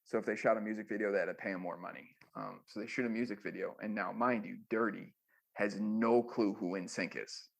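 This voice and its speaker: Gravelly-voiced man telling a story. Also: fairly low pitch, steady tone, brisk. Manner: ends many sentences with a tag question, "right?"; loose and rambling, with restarts and fillers. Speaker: former music manager, interview guest. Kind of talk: casual storytelling in an interview.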